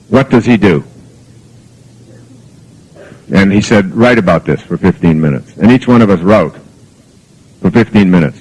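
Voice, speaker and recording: An older man with a very low, deep voice gives a spoken motivational talk. He wanders from one anecdote to the next, restarting sentences as he goes. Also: darkish tone, slightly rough, poor audio. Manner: rambling anecdotal storytelling. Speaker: motivational speaker.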